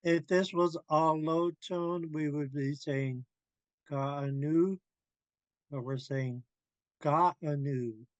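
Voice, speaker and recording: A man teaching a language class, drilling pronunciation slowly and carefully and laughing often. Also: fairly high pitch, little pitch movement, no room sound, highs cut off.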